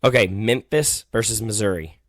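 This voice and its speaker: A man hosting a casual podcast chat, talking in a patient, gently teasing way as he explains things step by step. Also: on the low side, moderate pace, dry recording, studio quality. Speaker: podcast host.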